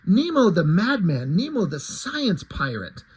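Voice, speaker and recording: A man's voice: high voice, wildly swooping pitch, a little slow, breathy edge, full character voice. A man reading aloud the lines of an irritable, restless aging male adventurer from a comic, in a testy, complaining manner.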